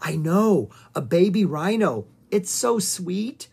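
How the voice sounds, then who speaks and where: A reader voicing an eager, curious young girl in excited, high whispers in a storybook reading. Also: takes it slowly, slightly rough, exaggerated voice.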